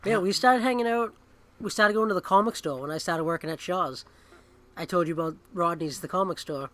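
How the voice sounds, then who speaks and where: A Boston man with a fairly high, bright voice co-hosts a casual podcast chat. He answers in short, dry, teasing lines and tells stories in a plain, easy way. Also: fairly quick. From Boston area. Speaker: podcast co-host.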